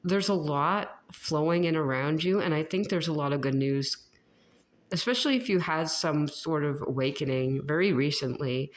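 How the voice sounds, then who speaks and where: A woman talks viewers through a tarot reading in a casual, rambling way, laughing often and filling her speech with fillers and restarted sentences. Her voice sits low at a normal speed.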